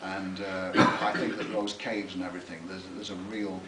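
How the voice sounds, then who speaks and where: A man's voice: low-pitched, level tone, moderate pace, heavy background noise. A man, an author, reading from his book in a theatrical way and adding spoken asides at a library talk. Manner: theatrical, relishing words, chuckling at his own lines. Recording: echoey room, mic far off.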